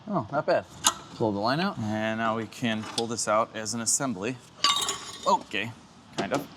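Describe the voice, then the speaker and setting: A man's voice: on the low side, normal speed, heavy background noise. A man talking casually while he works on a car in his garage, chatty and joking with himself, a little congested. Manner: chatty and self-joking, rambles on tangents. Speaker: car restoration vlogger. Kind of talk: casual talk-through while working on a car. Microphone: handheld camera while working.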